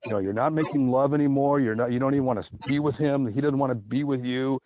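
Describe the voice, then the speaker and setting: A man's voice: mid-range voice, dry recording. A man talking casually and opinionatedly in a rambling monologue, out of breath while outdoors by a river. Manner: rambling, opinionated, drawn-out emphasis. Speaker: podcast host. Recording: tinny phone-like audio with background noise.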